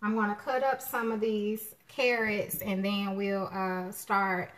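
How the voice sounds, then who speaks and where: A woman's voice: mid-range voice, level tone, takes it slowly, fairly bright tone. Chatty woman cooking live. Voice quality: distinctive voice others call unusual. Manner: chatty, folksy, laughs often, greets viewers by name. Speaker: cooking show host.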